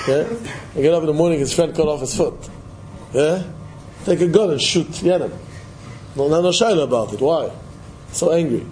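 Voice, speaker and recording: Man, Torah lecture, animated, rather high voice, faint background hum. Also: normal speed, rough recording. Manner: animated, repetitive, sing-song emphasis, mixes Hebrew and Yiddish terms. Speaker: Torah teacher. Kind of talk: Yiddish-inflected Torah lecture.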